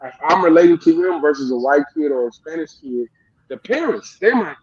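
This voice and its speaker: Rambling high-voiced man in his thirties. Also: moderate pace, highs cut off. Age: 30s. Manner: rambling and animated, many restarts. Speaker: youth football coach, guest. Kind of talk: casual interview chat.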